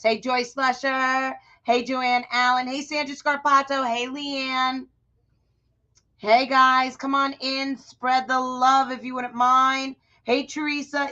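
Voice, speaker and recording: A woman's voice: high voice, bright, forceful tone. Chatty woman hosting a craft livestream. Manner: chatty, greets viewers by name. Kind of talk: casual live crafting tutorial. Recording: muffled lo-fi livestream audio.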